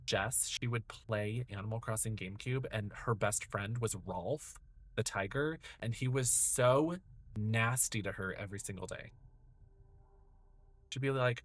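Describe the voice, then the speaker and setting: A man's voice: lowish voice, unhurried, fairly bright tone. A man in his thirties talks through a horror game on stream. He rambles from one memory to the next, drops swears freely, and chats straight to his viewers in a loose, casual way. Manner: chatty, rambling, profane, chatting to viewers. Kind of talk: casual gameplay commentary.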